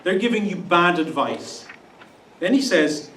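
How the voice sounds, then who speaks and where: A man's voice: high-pitched, lively intonation, measured pace, fairly bright tone, slight background noise. A man with a Canadian accent preaching a sermon in a conversational way, often putting questions to the congregation. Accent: Canadian English. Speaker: pastor. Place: church sanctuary. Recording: roomy church sound from a distance.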